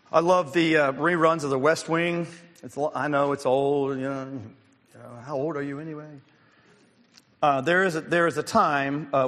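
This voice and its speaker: A man's voice: mid-range voice, fairly bright tone. A male pastor delivers a storytelling sermon in a mid-range voice, with fillers and restarts. His words ring out with a long church reverb. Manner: storytelling, many fillers and restarts, occasional throat clearing.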